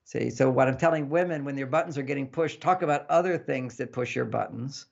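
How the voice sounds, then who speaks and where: A man, a relationship author, explaining in an interview in an animated way and acting out couples' dialogue. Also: mid-range voice, a little fast, creaky. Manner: animated, acts out couples' dialogue in varied voices. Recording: dull lo-fi sound.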